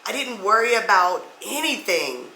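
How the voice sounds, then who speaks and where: A middle-aged woman hosts her own podcast and tells a personal story. Her voice is bright and forward, and she keeps turning to her audience as guys and y'all. The room is echoey, with faint ambient noise underneath. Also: mid-range voice, sing-song, normal speed. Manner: chatty, addresses listeners as guys and y'all. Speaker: podcast host.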